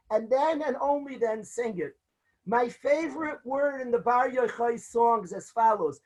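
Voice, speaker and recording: A man's voice: very high-pitched, rough recording. A man who is a rabbi, telling a story with animation in a sermon to students. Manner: animated storytelling, rising to emotional peaks.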